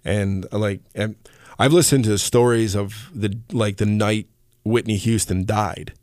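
A man hosting his own podcast in casual chat, rambling and animated, with lots of fillers and the odd curse. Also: fairly low pitch, unhurried, dry recording, clean studio sound. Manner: rambling, animated storyteller with frequent fillers and profanity. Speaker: podcast host.

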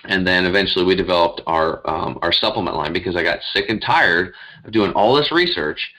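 Deep voiced middle-aged guy, health coach, rambling earnest interview chat. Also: brisk, pushed and bright, poor audio. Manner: rambling, earnest, many fillers and restarts. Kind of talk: casual interview storytelling.

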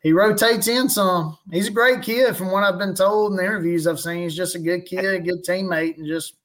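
A man's voice: sits high, steady tone, brisk, a bit bright. A man, a guest chatting casually about his football team, rambling and chuckling as he tells stories. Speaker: guest fan podcaster. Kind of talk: casual chat.

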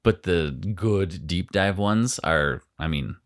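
A man's voice: low-pitched, slow. A man co-hosting a casual podcast chat, rambling, trailing off mid-sentence and laughing often. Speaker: podcast co-host.

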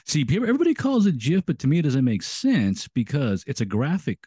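Animated, rambling man in casual chat. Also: medium pitch, fast talker, breathy edge, no echo, clean studio sound. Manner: rambling, full of restarts and "you know". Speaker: podcast co-host.

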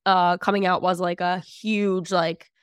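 A woman's voice: fairly low pitch, flat delivery, a little slow, clean tone, no echo, clean studio sound. A woman in her twenties, a podcast guest telling a personal story in a chatty, filler-heavy way. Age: 20s. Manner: chatty, filler-heavy, acts out family dialogue. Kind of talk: casual storytelling.

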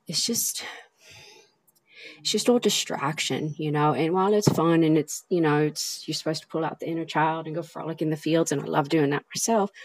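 A woman's voice: low-pitched, a little mellow, no room sound. A woman hosting her own podcast, talking in a rambling, heartfelt way with plenty of ums and restarts. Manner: rambling, heartfelt, lots of fillers. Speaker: podcast host. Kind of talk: casual podcast monologue.

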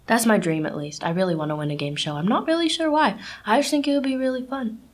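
A woman's voice: on the high side, fast. Chatty teen girl podcast host. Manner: chatty and animated, lots of "like" and "you know". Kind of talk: casual solo podcast monologue.

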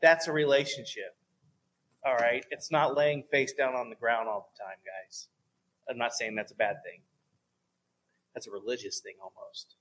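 A man telling lively stories about faith in a casual talk, going soft and low at times for emphasis. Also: normal speed, long pauses, a little hiss or hum. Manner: animated storyteller, drops to a soft voice for emphasis.

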